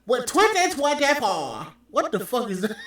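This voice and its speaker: A man's voice: extremely high pitch, a bit bright, a little hiss or hum. A man hosting a podcast, ranting with profane, scornful commentary. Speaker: podcast host. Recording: very echoey room, mic at distance.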